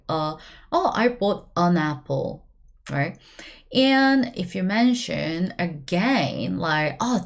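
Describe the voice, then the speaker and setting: A woman with a Korean accent, a language teacher explaining grammar in a chatty video lesson, often checking in with "right?" and rattling off quick example sentences. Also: mid-range voice.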